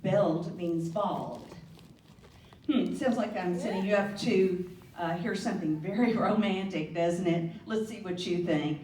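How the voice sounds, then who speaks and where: A woman's voice: fairly low pitch, unhurried, darkish tone. A woman giving a playful, teasing toast at a supper, laughing at her own jokes. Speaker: toast speaker at a Burns supper. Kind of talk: humorous after-dinner toast. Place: banquet hall. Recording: echoey hall from far off.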